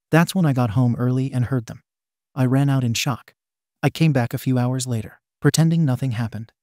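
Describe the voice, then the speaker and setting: A man narrating online posts in the first person, reading in a steady, even way. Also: medium pitch, dry recording, clean studio sound. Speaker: story narrator.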